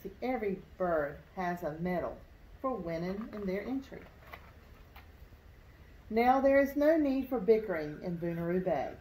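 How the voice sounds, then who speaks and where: A woman's voice: mid-range voice, lively intonation, measured pace, long pauses, darkish tone, slight background noise. A woman teacher reading a storybook aloud to children, expressively pointing out things in the pictures as she goes. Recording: roomy echo.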